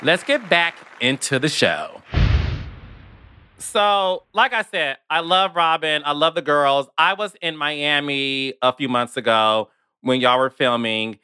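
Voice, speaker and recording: A man hosting a podcast in casual chat, animated and emotional, often talking fast. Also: on the high side, clean tone, no echo, clean studio sound. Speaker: podcast host.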